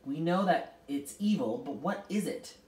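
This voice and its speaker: A woman's voice: deep voice, lively intonation, slow pace, mellow. A woman voicing a small, passionate boy who cries out and demands answers. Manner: passionate, crying out. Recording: roomy, distant mic.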